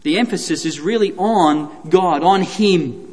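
A man's voice: high-pitched, a little slow, a little mellow. A man preaching a sermon, earnest and emphatic, repeating phrases for stress. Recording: reverberant hall.

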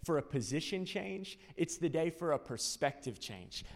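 A male pastor preaching a sermon, animated, acting out little scenes and quotes. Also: a little high, normal speed, gravelly, few pauses. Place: large church auditorium. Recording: long reverb of a large church.

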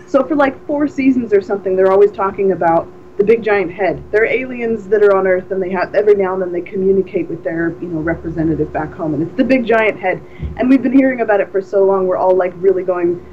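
A woman's voice: medium pitch, slight background noise. A woman co-hosting a podcast in casual chat, telling stories with lots of energy and frequent restarts. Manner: animated storyteller, many restarts. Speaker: podcast co-host. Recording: dull lo-fi recording.

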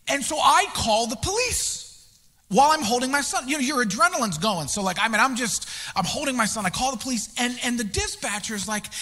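A man in his thirties preaches from a church stage, telling a story with lively swings in pitch and plenty of self-deprecating humor. His voice is bright and clear, and it rings with the long reverb of a big hall. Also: a little fast. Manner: animated, self-deprecating humor with acted-out quotes. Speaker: pastor. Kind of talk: storytelling sermon. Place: church auditorium.

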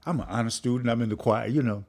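A man's voice: quick pace, darkish tone, breathy edge. An older man, a filmmaker and professor, telling a story and acting out the voices of people in it. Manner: acts out voices of people in his story, jumping high in pitch. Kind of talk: animated storytelling.

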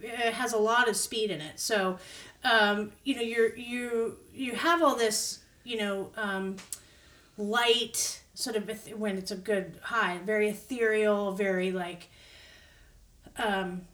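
On a podcast, a woman guest tells a story casually and animatedly, loudly acting out the quotes. Her mid-range voice moves at a slow pace, picked up by a distant mic in a room with echo.

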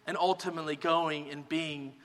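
A man preaching a sermon as pastor, in a relaxed conversational teaching manner. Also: a little high, normal speed, big-room sound. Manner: relaxed conversational teaching, many "kind of" hedges.

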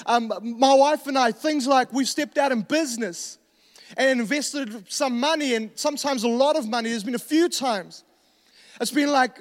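A man's voice: very high voice, in a large hall. A male pastor, preaching a sermon in a conversational way with joking asides and restarts.

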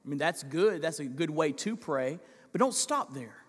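A man preaching a sermon as pastor, impassioned, swinging from loud pleading to hushed asides. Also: a little high, expressive, normal speed, husky, in a large hall. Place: large church sanctuary.

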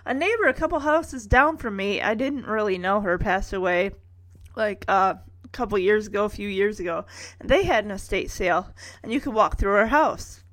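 A woman's voice: mid-range voice, normal speed, a bit bright. A woman recapping an episode in a casual, chatty way, with wry sarcastic asides.

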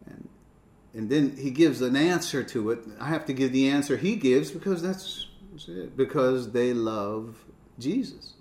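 A man's voice: medium pitch, measured pace, a little mellow, echoey room, a little hiss or hum. A man preaching a sermon, stressing key words by rising and dropping his voice.

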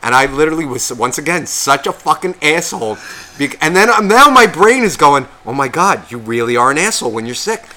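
Though he's sick, this podcast co-host launches into a lengthy, profane story mocking himself and voicing what others said, in a casual storytelling chat. He speaks briskly with a fairly high, sing-song voice that's bright and forceful.

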